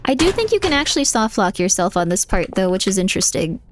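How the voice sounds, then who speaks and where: A woman's voice: mid-range voice, big pitch swings, fast, noisy background. A woman livestreaming a game, chatting casually and answering her chat while she plays. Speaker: streamer. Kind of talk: live gaming stream commentary.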